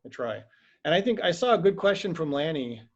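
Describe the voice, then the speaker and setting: A man chatting casually on a video call, telling stories with animated acted-out quotes. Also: on the high side, brisk. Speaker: acupuncturist and host. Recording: dull lo-fi video call audio.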